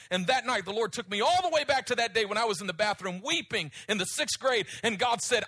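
High-voiced man preaching a sermon. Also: quick pace, hardly any pauses, no echo. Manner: storytelling preaching, swinging from loud high pleas to hushed low speech.

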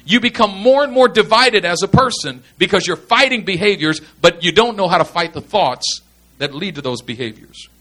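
Bright-voiced man preaching. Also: sits high, animated, moderate pace. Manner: earnest, emphatic, repeats key points. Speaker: pastor teaching pastors. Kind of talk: sermon teaching.

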